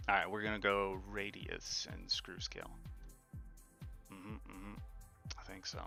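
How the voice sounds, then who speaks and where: Slow, gravelly man talking through code. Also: fairly low pitch, sharp tone. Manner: thinks aloud, mutters, jokes with chat. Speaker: game developer streaming his work. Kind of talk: casual live coding commentary, chatting with viewers.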